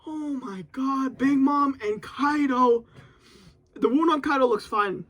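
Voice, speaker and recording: A man doing a live reaction while reading a comic chapter aloud, excitable and exclaiming, with some swearing. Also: very high-pitched, slow. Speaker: manga reactor.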